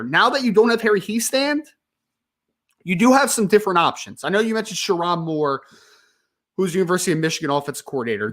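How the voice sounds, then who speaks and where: A man hosting a live sports talk stream, ranting with frustration and emphasis, apologizing and calming down, then reading viewer questions. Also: fairly high pitch. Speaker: sports podcast host.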